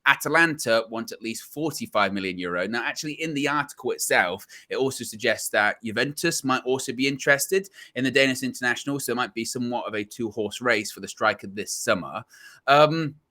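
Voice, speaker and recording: A man co-hosting a casual chat, relaxed as he runs through news reports. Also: medium pitch, a little fast. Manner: reads out reports, relaxed and conversational. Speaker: co-host of fan channel.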